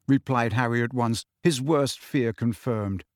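A man narrating a fantasy audiobook in an expressive storytelling manner. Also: mid-range voice, measured pace, hardly any pauses, no echo, clean studio sound. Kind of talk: scripted narration.

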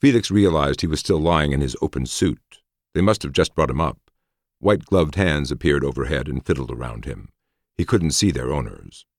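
Very deep-voiced male audiobook narrator. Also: no room sound, clean studio sound. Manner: measured, expressive reading.

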